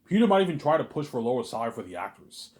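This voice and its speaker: A man rambling in a casual monologue, animated and repetitive, arguing with an imagined listener. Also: medium pitch, rapid-fire. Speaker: vlogger.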